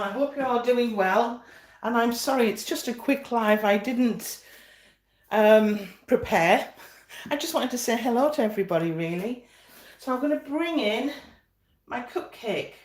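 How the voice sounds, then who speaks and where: A woman's voice: a little high, animated, normal speed. A woman home baker chatting on a casual live stream, friendly and a little self-deprecating. She wanders off to fetch things and comes back mid-sentence. The room has a noticeable echo. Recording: echoey room.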